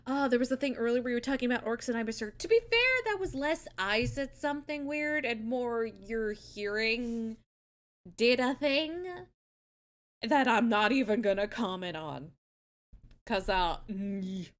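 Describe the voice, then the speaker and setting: A woman's voice: fairly high pitch, unhurried. A young woman chatting casually as a stream host, bubbly and giggly, swearing freely. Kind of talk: casual chat.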